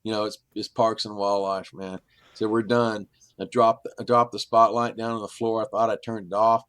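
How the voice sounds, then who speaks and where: A man's voice: on the low side, little pitch movement, moderate pace, fairly bright tone, clear, resonant tone, no echo. A middle-aged man, a podcast guest, telling long rambling stories in a casual, anecdotal way. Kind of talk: casual storytelling.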